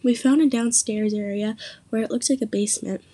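A young woman reading her own spooky story aloud, lifting her voice for the quoted lines and dropping low and soft for the narration. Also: steady tone, a little fast, slightly rough. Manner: reads quotes with more pitch and force, narration low and soft.

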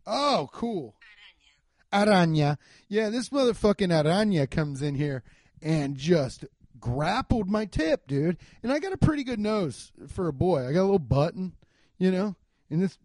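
A young man rambles through a solo podcast from his garage, cursing freely. His mellow voice swings widely in pitch, from low mutters to sudden loud bursts. The sound is close and dry. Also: no room sound. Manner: loose, profane, rambling with frequent swearing; animated, jumps between muttering and loud outbursts. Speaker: podcast host. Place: home garage.

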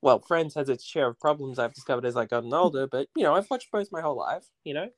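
A man's voice: mid-range voice, expressive, fast, no echo. A man with an Australian accent, a podcast guest chatting casually, rambling and self-deprecating with frequent laughs.

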